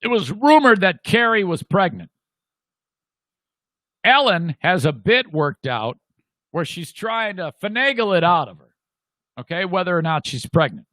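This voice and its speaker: A man's voice: sits high, very animated, unhurried, long pauses, pushed and bright, no room sound. A middle-aged man hosting a talk show, ranting bluntly with lots of swearing. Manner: blunt, swearing, mocking quoted voices. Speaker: radio show host. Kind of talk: profane ranting commentary.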